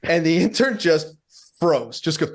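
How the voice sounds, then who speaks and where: Male radio co-host, slightly high voice, relaxed storyteller with filler words. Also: unhurried. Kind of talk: casual storytelling chat.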